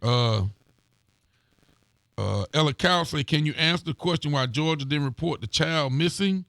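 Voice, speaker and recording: A man's voice: a little high, animated, normal speed, vocal fry, a bit bright, no echo, clean studio sound. A man, a sheriff hosting a local live talk show, chatting casually and greeting viewers by name. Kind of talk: casual live-stream chat reading viewer comments.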